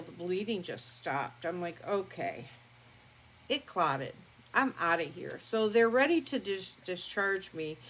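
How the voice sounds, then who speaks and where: An older woman vlogger telling a personal story in a calm, rambling, matter-of-fact way with many fillers. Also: on the low side, rough recording. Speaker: beauty vlogger. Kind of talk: casual storytelling to camera.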